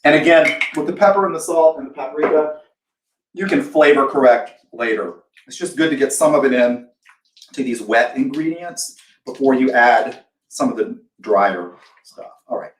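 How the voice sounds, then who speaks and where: A man's voice: medium pitch, normal speed, reverberant, distant mic, rough recording. A man from the American South hosting a live cooking demo, chatty and self-deprecating, acting out imagined reactions as he talks through a recipe. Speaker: host of a live cooking show.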